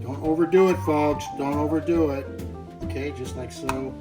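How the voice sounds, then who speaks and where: A man hosting a cooking show at a middle pitch, in a playful, chatty way that speaks right to his viewers. He demonstrates a recipe in a home kitchen while clear music plays behind him. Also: fairly even intonation, normal speed. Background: background music.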